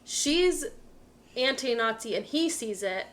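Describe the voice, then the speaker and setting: A woman's voice: on the high side, animated, slow pace, a bit bright. Chatty woman podcast co-host. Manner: chatty, shares trivia, quotes others in little voices. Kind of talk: casual movie podcast chat.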